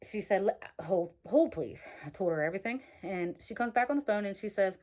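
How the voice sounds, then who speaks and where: A woman's voice: mid-range voice, lively intonation, brisk, a little mellow. A woman talking casually and candidly to her viewers in a rambling personal vlog, with lots of fillers and restarts. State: out of breath. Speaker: vlogger. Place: at work.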